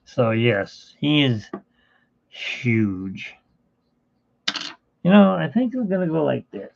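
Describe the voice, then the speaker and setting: A man's voice: mid-range voice, very animated, takes it slowly, creaky, no echo, highs cut off. A man chatting casually during a home art livestream, rambling and talking fondly to his cat. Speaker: artist streaming a painting session. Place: home studio.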